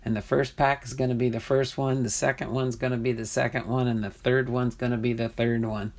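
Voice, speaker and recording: A man's voice: medium pitch, little pitch movement, a little fast, darkish tone. A man casually hosting a live stream, chatty and easily amused as he reads viewer comments aloud. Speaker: livestream host opening trading card packs.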